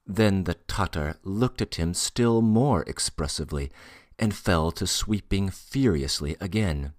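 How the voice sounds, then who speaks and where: A man narrating a classic novel as an audiobook in a measured reading. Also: low-pitched, darkish tone, no echo. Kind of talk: scripted narration. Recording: dry close studio recording.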